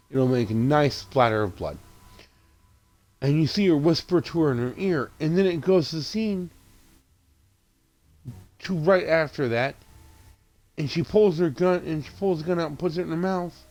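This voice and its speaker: A man casually recapping a horror movie, excitable and profane, with frequent restarts and quoted lines acted out. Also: fairly high pitch. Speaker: movie reviewer.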